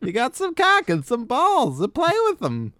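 A man's voice: extremely high pitch, huge pitch swings, normal speed, fairly bright tone, no room sound, studio quality, pitched above the performer's own voice, heavily acted. A man voicing a crude, doting middle-aged lunch lady in a sing-song, crooning voice.

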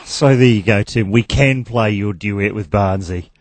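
A man's voice: lowish voice, very noisy. A man with an Australian accent hosting a comic radio show, wry and teasing in casual banter. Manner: wry, teasing, quick to laugh. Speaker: radio host. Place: radio studio.

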